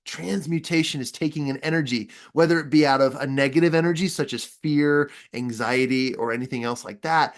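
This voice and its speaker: A man's voice: fairly high pitch, brisk, hardly any pauses. A man giving a self-improvement training talk, earnest and enthusiastic, with frequent restarts as he tells stories. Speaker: personal development trainer.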